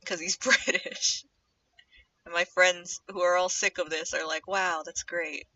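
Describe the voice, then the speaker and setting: A young woman livestreaming while she animates, chatting casually in a rambling way and drifting into low muttering to herself as she draws. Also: steady tone, unhurried, bright, forceful tone, recorded from a distance. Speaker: streamer animating live. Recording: dull lo-fi mic set back from the speaker.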